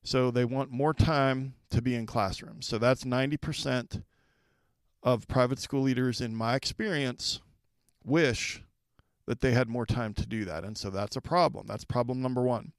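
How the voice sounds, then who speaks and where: A man's voice: medium pitch, steady tone, moderate pace, no room sound. A man hosting a solo podcast for school leaders, talking conversationally and putting direct questions to the listener.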